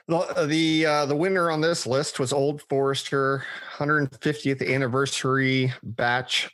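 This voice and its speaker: A man's voice: mid-range voice, level tone, measured pace, a bit bright, no room sound. A man hosting a casual podcast, chatty and reading off a list with frequent restarts. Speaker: podcast host. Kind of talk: casual chat.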